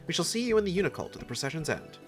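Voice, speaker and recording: A man's voice: a little high, sing-song, racing, soft background music, voice pushed up. A man reading game dialogue aloud, voicing a courtly official who speaks in a formal, old-fashioned way. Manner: stately, archaic phrasing.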